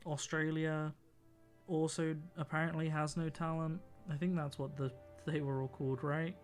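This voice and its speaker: Wry joking streamer over soft music. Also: mid-range voice, level tone, normal speed. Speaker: streamer painting miniatures. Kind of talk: casual chat while painting on stream.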